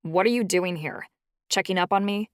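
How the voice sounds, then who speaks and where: A woman's voice: lowish voice, moderate pace, clean tone, dry recording, studio quality, lightly acted. A woman voicing a fierce, hot-tempered young woman shifter who talks sharply. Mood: defiant. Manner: sharp, snapping.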